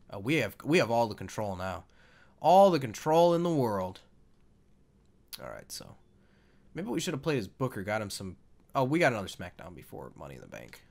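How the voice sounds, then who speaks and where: A man's voice: mid-range voice, sing-song, fairly quick, gravelly, pauses often. A man giving casual, jokey gameplay commentary while playing a wrestling video game, swearing and rambling.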